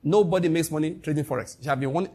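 A man with a Nigerian accent preaching a sermon as pastor, emphatic and animated, with Pidgin asides. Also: on the high side, fast talker, slightly rough.

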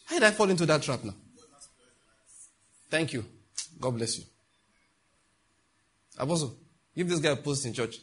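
A middle-aged man from Africa preaching a sermon as a pastor, emphatic and mocking, with sudden loud outbursts. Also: a little high, big pitch swings, normal speed, long pauses, a little hiss or hum.

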